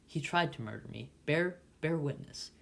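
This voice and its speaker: A man's voice: fairly high pitch, lively intonation, normal speed, gravelly, fairly bright tone, slight background noise. A man voicing a bruised, frightened convict who gasps out his accusations. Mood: fearful. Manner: breathless, fearful. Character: terrified bruised male convict, gasping.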